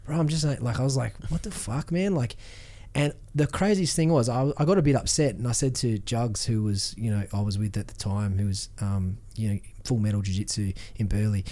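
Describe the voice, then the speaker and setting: A man's voice: lowish voice, fairly even intonation, fairly quick, hardly any pauses, mellow. An Australian man, a former fighter, telling stories on a podcast in a rambling, heavily swearing, restart-filled way. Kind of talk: casual podcast chat.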